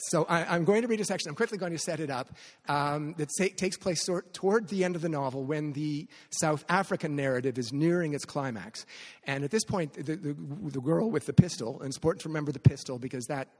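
A man's voice: on the high side, a little fast, a little mellow, long reverb tail. A man from Canada, a novelist speaking at a literary reading, talking with many restarts and fillers. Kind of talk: live author talk at a literary event. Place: venue at a literary festival.

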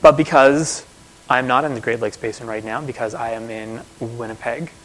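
Guy from toronto giving a chatty author talk, mid pitch, lots of ums. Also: moderate pace, a bit bright, low-quality recording. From Toronto, Canada. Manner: conversational, with fillers and asides. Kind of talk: presentation with slides.

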